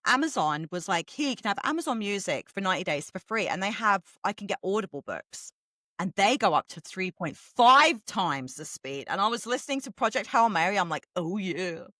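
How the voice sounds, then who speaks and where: A middle-aged woman from England, co-hosting a podcast in casual chat, talking fast and swearing freely. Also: medium pitch, sing-song, a bit bright, no room sound. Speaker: podcast co-host.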